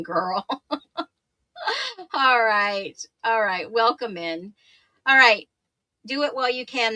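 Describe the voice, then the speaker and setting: A woman hosting a true crime livestream, chatty and upbeat, laughing often and greeting viewers by name, her voice a little hoarse. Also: mid-range voice, sharp tone, no echo. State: slightly hoarse voice. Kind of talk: casual livestream chat, reading viewer comments.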